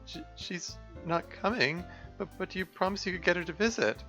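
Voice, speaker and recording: A man's voice: high-pitched, moderate pace, bright, forceful tone, faint music behind, voice pushed up. A man voicing an intense, demanding teenage girl who leads a school club, pressing with insistent questions. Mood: distraught.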